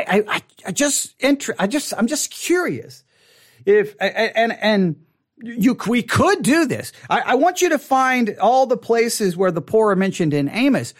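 A man leading a conversational Bible study, halting and restarting, asking rhetorical questions. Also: high voice.

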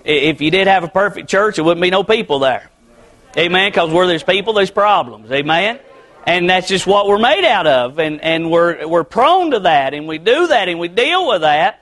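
A man's voice: sits high, a bit bright. A man pastor delivering a plainspoken, conversational sermon to his congregation, repeating phrases and dropping "amen" after nearly every point. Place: church sanctuary with a congregation.

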